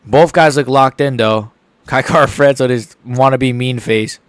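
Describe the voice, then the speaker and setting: A man's voice: mid-range voice, a little slow, dry recording. Young man rambling on a live stream. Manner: rambling, stumbling over words. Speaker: livestream host. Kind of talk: casual live reaction chat.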